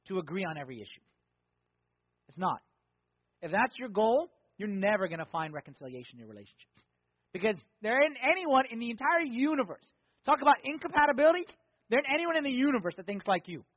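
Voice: mid-range voice, slightly rough, no room sound. A pastor preaching a sermon with emphatic repetition and rhetorical questions, on a slightly dull, dry recording. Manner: emphatic, repeating key words, rhetorical questions.

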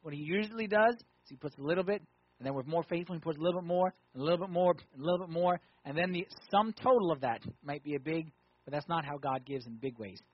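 Husky-voiced preacher with twang. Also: male voice, fairly high pitch, fast talker, no echo, dull audio. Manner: conversational preaching, rhetorical questions, swings from loud emphasis to quiet. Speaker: pastor. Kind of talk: sermon.

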